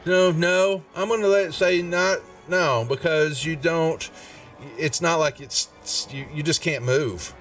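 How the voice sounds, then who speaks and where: A man's voice: fairly high pitch, slow, a bit bright, far from the mic, soft background music. A man narrating as game master of a tabletop game, thinking aloud and stopping to check rules as he goes.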